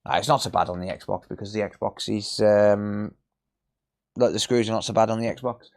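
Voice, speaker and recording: A man's voice: fairly low pitch, flat delivery, moderate pace, a little mellow. A man chatting cheekily with viewers on a live repair stream. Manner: cheeky banter, jokey and a bit sweary. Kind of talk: casual live-stream chat.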